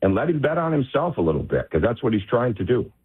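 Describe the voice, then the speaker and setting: Man, basketball coach guest, emphatic, husky low voice, phone-line sound. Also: very animated, fast talker. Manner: emphatic, insistent. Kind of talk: phone interview on sports radio.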